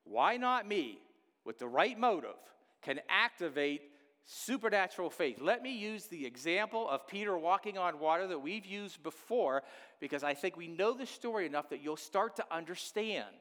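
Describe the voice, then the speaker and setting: Animated preacher man in a reverberant hall. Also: high-pitched, moderate pace. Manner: animated preaching, repeating key phrases. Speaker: pastor. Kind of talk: sermon.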